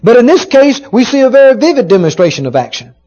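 Man, pastor, sermon, animated delivery, emphatic, muffled recording. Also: very high-pitched, fast. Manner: emphatic, dramatic retelling with rising shouts.

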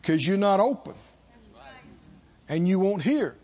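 A man's voice: high voice, expressive, measured pace, darkish tone, lo-fi sound. A man preaching a sermon to a church congregation, leading call-and-response and stretching out repeated phrases for emphasis. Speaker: pastor.

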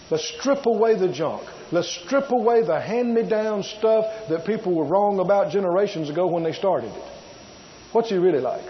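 Emphatic high-voiced preacher, dull sound. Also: male voice, a little hiss or hum. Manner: emphatic, repeats key words, drawn-out stresses; asks the congregation rhetorical questions. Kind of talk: sermon.

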